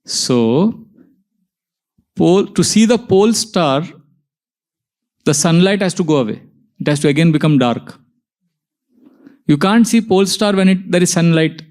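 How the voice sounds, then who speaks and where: A man giving a devotional lecture, telling stories and acting out quoted dialogue, slowing down to stress key points. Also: a little high, lively intonation, a little mellow. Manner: storytelling, acts out quoted dialogue, slows for emphasis. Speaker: spiritual teacher. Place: lecture hall before a live audience.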